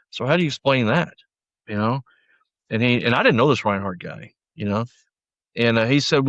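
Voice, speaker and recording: A middle-aged man, a former deputy, recounting his past in a casual conversational interview, often quoting others and trailing off quietly. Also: mid-range voice, animated, brisk, no room sound, dull audio. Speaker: podcast guest, former sheriff's deputy.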